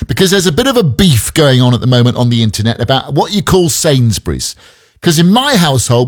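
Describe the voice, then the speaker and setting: A man's voice: medium pitch, very animated, brisk. A man hosting a radio show, talking playfully and conversationally with asides to listeners. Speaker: radio host. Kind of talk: chatty radio presenting. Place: radio studio.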